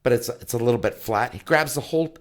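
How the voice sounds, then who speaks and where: A father chatting casually, telling an animated family story, acting out quotes and swearing freely. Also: mid-range voice, fast talker. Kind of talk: casual chat.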